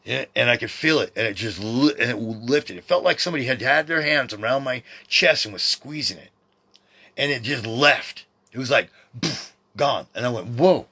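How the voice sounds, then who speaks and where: A man's voice: medium pitch, moderate pace, pushed and bright, breathy edge, dry recording. A man in his fifties hosting a podcast from his home, talking in a loose, meandering way that keeps interrupting itself. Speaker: podcast host. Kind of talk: rambling personal monologue. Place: home room by his computer.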